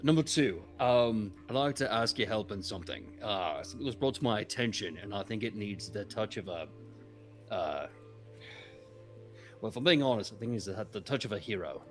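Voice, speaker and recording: A man playing a friendly, encouraging leader, who speaks earnestly and praises warmly. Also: on the low side, animated, normal speed, soft background music, close to an everyday voice. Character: friendly older-brother leader, warm and encouraging.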